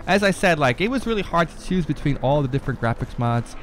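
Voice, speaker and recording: A man's voice: on the high side, fast, slight background noise, low-quality recording. Gamer guy, casual commentary, loose and rambling, cusses a lot, hypes everything on screen. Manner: excitable, swears freely, talks to the screen; rambling with many fillers and repeats. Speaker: gamer showing off a modded game.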